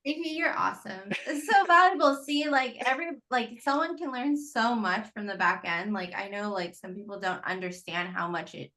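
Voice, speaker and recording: A woman's voice: medium pitch, animated, normal speed, hardly any pauses, pushed and bright. A woman co-hosting a casual video call, effusive and encouraging toward her guest. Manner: enthusiastic, effusive. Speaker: co-host.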